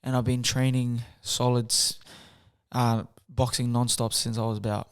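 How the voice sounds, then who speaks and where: A soft-spoken young man, telling his story in a casual interview. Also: mid-range voice, flat delivery, a little slow, smooth. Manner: soft-spoken, chatty, acts out quotes with slang. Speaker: guest, boxer.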